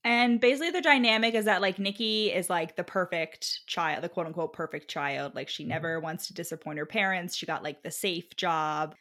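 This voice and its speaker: Young woman, kinda low voice, rambly casual book chat, tons of "like". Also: normal speed, hardly any pauses, a bit bright. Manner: rambling, filler-heavy, "like" in most lines. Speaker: book podcast co-host.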